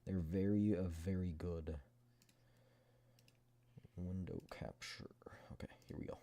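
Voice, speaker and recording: A man's voice: deep voice, steady tone, a little slow, pauses often, mellow. A man streaming a game, giving casual running commentary and talking to his chat. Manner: chatty, self-mumbling, addresses chat.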